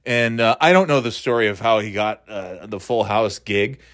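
A man, talking in a rambling, profane, animated way, dropping into quick impressions. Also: fairly low pitch, dry recording, studio quality. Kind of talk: casual comedic monologue.

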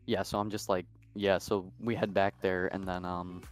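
A man's voice: sits low, level tone, moderate pace, soft background music. A young man co-hosting a podcast, telling a long story in a casual, rambling way full of fillers. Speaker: podcast co-host.

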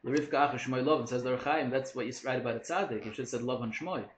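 A man leading a casual Torah study discussion, animated and questioning, mixing in Hebrew and Yiddish terms. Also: mid-range voice, racing. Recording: echoey room with faint noise.

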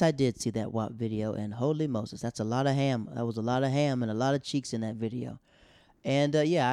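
Young guy podcasting, smooth clear voice, dry close mic, jumps up loud when he acts out people. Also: mid-range voice, no room sound. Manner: animated, acts out quotes in raised voices. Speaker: podcast host. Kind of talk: casual comedic storytelling.

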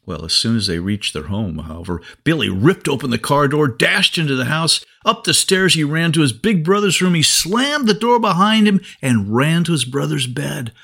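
A man's voice: on the high side, expressive, normal speed, vocal fry, few pauses, a bit bright, breathy edge. A man preaching a sermon for a podcast, telling a story with expression.

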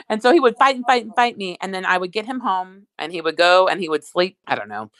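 A woman's voice: on the low side, expressive, quick pace, a bit bright, dry recording. A woman talking in casual chat, rambling with lots of asides.

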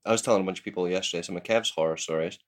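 A man hosting a casual podcast, reacting with quick laughs and agreement. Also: low voice. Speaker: podcast host.

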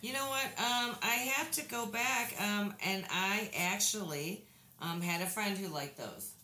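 A woman's voice: mid-range voice, a little slow, sharp tone, reverberant. A woman co-hosting a casual podcast chat, telling rambling stories, swearing freely and laughing as she goes. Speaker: podcast co-host.

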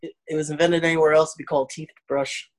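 A man's voice: a little high, fast talker. A man from Arkansas with a Southern accent, telling stories in casual chat and acting out the people he quotes. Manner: animated storytelling, acts out quoted people. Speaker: comedian.

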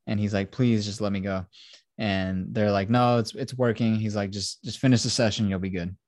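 In clean, echo-free studio sound, a podcast host casually retells a film plot, acting out the quotes and swearing freely. His voice is lowish and a little mellow, with fairly even intonation and a moderate pace.

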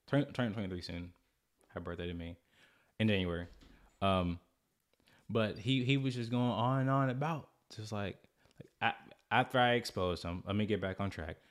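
A man's voice: lowish voice, normal speed, pauses often. A man in his twenties telling a personal story in a rambling, casual way, often restarting his sentences. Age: 20s. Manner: rambling, restarts often, mimics others in a raised voice. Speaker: vlogger.

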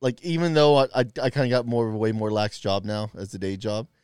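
A man talks quickly in a smooth, clear voice, rambling through casual profane chat with many fillers and restarts. The sound is dry and close. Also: fairly low pitch, steady tone, darkish tone, dry recording. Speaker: podcast co-host, rideshare driver.

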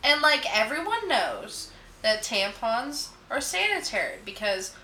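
A woman's voice: a little high, measured pace. A young woman in her twenties telling stories in a casual chat, laughing often. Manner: giggly, animated storyteller. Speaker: podcast guest. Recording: echoey room with faint noise.

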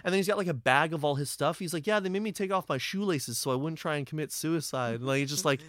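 A man's voice: a little high, fast talker, fairly bright tone, no echo, clean studio sound. A man casually telling a rambling road story from touring with his band, swearing freely.

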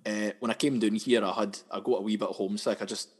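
A man's voice: lowish voice, steady tone, quick pace, breathy edge. A young Scottish man from the West Coast, a sketch comedian chatting as an interview guest, who often repeats words and restarts. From Scotland, West Coast. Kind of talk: casual interview chat. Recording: long hall reverb.

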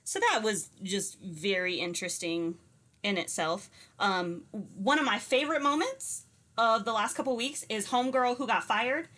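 A woman co-hosting a casual podcast, telling stories in an animated, blunt way and laughing often. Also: a little high, moderate pace. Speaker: podcast co-host.

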